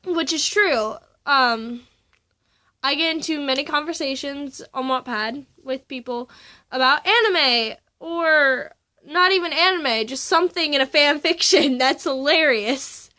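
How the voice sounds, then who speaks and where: Teen girl, casual rambling vlog, lots of fillers, high-pitched voice. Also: unhurried, pushed and bright. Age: teens. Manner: rambling, giggly, many fillers and restarts. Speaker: student vlogger.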